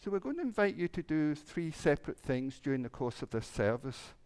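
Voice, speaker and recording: Lively minister telling a story. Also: male voice, fairly high pitch, brisk, clean tone. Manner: playful storyteller, acting out animal voices. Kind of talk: children's story in a church service.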